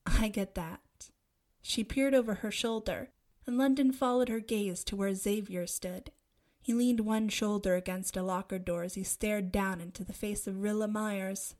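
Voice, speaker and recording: A woman reading a young adult novel aloud as narrator, steady and expressive. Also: mid-range voice, normal speed. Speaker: audiobook narrator. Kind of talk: scripted narration.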